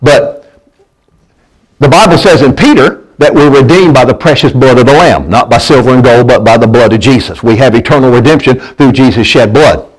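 A man's voice: medium pitch, moderate pace, slightly rough, rough recording. A man preaching a sermon, in a folksy manner that keeps asking the congregation to answer back and often stumbles and restarts his words. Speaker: pastor.

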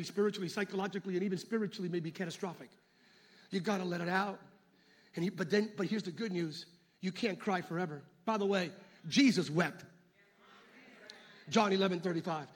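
A man preaching a sermon as pastor, swinging between shouted exhortation and hushed asides. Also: high-pitched, husky.

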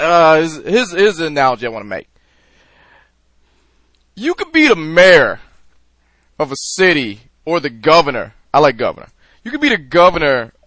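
A man in his thirties with a bright, ringing voice swings his pitch up and down as he tells an emotional story. He swears freely and talks in a loose, casual way, as a show host. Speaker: podcast host. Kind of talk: casual chat.

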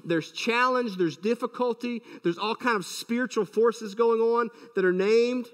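A man's voice: extremely high pitch, unhurried, big-room sound. A man preaching a sermon as a pastor, emphatic and full of rhetorical questions.

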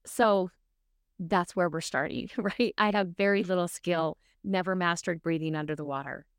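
A woman co-hosting a talk podcast in a relaxed, conversational way. She tells stories by acting out both sides of a dialogue and peppers her speech with "like" and "right?". The sound is close and dry, with no room echo. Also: lowish voice, moderate pace, clean tone. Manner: storytelling, reenacts dialogue with frequent "like" and "right?". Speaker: podcast co-host. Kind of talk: casual chat.

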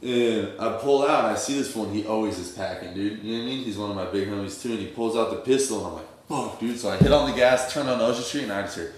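A man's voice: fairly low pitch, quick pace, few pauses. A young man telling a story in casual, streetwise slang, acting out the quoted dialogue as he goes. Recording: very echoey room.

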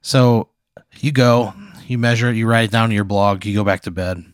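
Brief: a man with a low voice delivering deadpan improv narration in a dry room. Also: normal speed, smooth, no room sound. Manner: deadpan, rambling second-person narration. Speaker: improv storyteller. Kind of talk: improvised comedy storytelling.

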